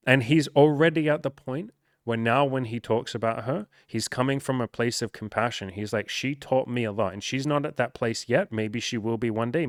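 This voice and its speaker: A man's voice: mid-range voice, dry recording, studio quality. A man, a relationship coach, talking bluntly and swearing freely as he reacts to a viewer's messages.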